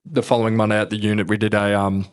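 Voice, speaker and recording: A man's voice: fairly low pitch, level tone, racing. An Australian man, a podcast guest and former army officer, telling stories in casual chat, swearing freely and laughing as he goes.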